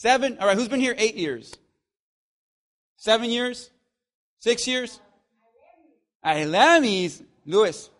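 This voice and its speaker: A man preaching a sermon as pastor, swinging from loud emphatic lines to quiet stretches and joking with his congregation. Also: very high voice, expressive, takes it slowly, long pauses. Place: church.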